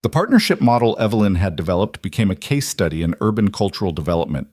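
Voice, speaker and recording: A man with a low voice reads a drama story aloud in an even, measured way. The recording is dry and close to the mic, with no room sound behind it. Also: dry recording. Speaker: narrator. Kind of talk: scripted narration.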